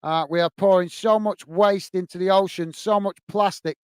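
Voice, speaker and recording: Chatty English host reading fan messages, fairly high, clean voice. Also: male voice, steady tone, moderate pace, clear, resonant tone, no room sound. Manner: chatty, apologetic, says mate often. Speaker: host reading live chat. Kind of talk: casual live-stream chat.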